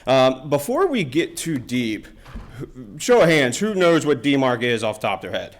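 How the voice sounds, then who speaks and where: A man's voice: medium pitch, big pitch swings, moderate pace. Casual man giving a conference talk. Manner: casual, filler-heavy, many "uh" and "you know". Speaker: conference presenter on email security. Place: university lecture room.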